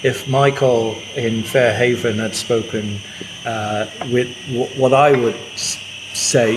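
A man's voice: medium pitch, fairly even intonation, slow pace. A man from Ireland with an Irish accent, chatting casually on a podcast and laughing often. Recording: noticeable background noise.

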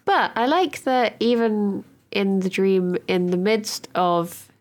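A woman co-hosting a podcast, chatting in an animated, giggly way with playful sound effects. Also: mid-range voice, slow. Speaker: podcast co-host. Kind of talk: casual chat.

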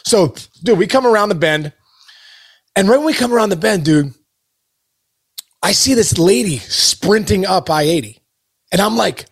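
A man co-hosting a podcast, telling an animated story full of dude and bro, acting out the voices of the people in it. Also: high-pitched, normal speed, long pauses, slightly rough. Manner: excitable, says dude and bro a lot. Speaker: podcast co-host.

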